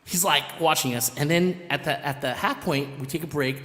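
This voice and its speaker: A man from a band telling a lively story in casual chat, laughing and acting out what people said. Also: on the high side, normal speed. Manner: animated, laughing, acts out quotes. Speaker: band member, musical guest. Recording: long hall reverb.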